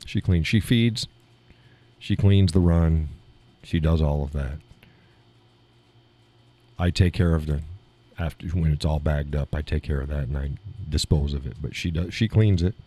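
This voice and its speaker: Male live-stream host, low and husky; loose rambling chat with frequent chuckles, small home studio. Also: measured pace, dark tone.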